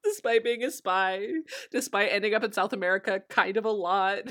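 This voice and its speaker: A woman's voice: mid-range voice, fairly even intonation, fairly quick, fairly bright tone. A woman co-hosting a podcast, chatty and casual, laughing and swearing as she recaps a TV episode. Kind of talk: casual chat.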